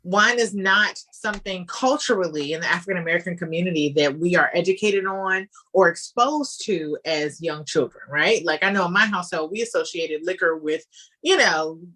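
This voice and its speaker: A woman answering interview questions in a chatty, animated way, with frequent fillers along the way. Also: lowish voice, normal speed. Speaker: guest, wine business founder.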